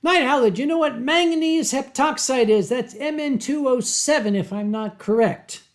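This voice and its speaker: A man from Pennsylvania hosting a casual livestream from home, reading viewer comments and telling stories with drawn-out dramatic emphasis into a webcam mic. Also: extremely high pitch. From Pennsylvania, USA. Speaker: livestream host.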